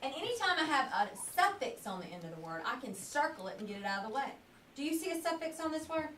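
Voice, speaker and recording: High woman teacher, patient questioning, distant echoey classroom, faint hiss. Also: sing-song, a bit bright. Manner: patient, questioning, drawn-out word modelling. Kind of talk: classroom phonics lesson.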